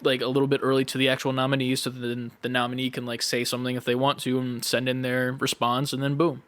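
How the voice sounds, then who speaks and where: A man's voice: mid-range voice, completely flat delivery, fast talker, fairly bright tone. A young man co-hosting a gaming podcast in casual chat, laid-back and peppered with "like". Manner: laid-back, heavy use of "like", swears casually. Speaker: podcast co-host.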